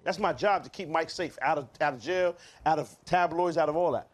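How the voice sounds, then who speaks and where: A man co-hosting a casual chat, telling stories with heavy slang and loud, animated delivery. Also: fairly high pitch, brisk.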